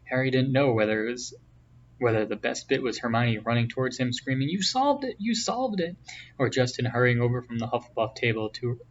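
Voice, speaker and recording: A man's voice: mid-range voice, brisk. Man reading a novel from afar. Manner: steady, plain storytelling. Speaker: reader. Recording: distant, dull, faint hiss.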